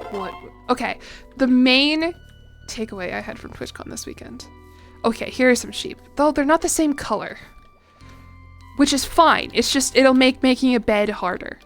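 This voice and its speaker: A woman's voice: high-pitched, a bit bright. A young American woman chatting casually on a game stream, reading chat aloud with a chatty, self-deprecating manner. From United States. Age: young adult. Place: home room.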